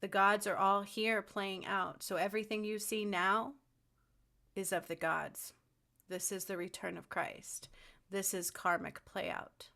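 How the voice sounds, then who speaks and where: A woman's voice: mid-range voice, fairly even intonation, unhurried, gravelly, bright, forceful tone. A woman giving a rambling, fervent spiritual monologue to camera, with frequent ums and restarts. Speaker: spiritual channel host.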